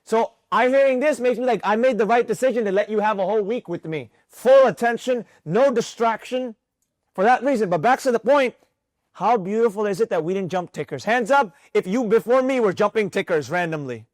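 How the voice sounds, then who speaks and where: In a live mentorship class, a man with a high, light voice teaches trading to students, speaking briskly in an animated, preachy style and repeating points to drive them home. The audio is dry and close, without room echo.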